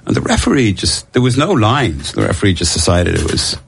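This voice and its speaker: A man's voice: on the low side, huge pitch swings, brisk, creaky, slightly rough. A middle-aged man, telling rambling, self-mocking stories as an interview guest and laughing often. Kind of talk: casual anecdotal interview.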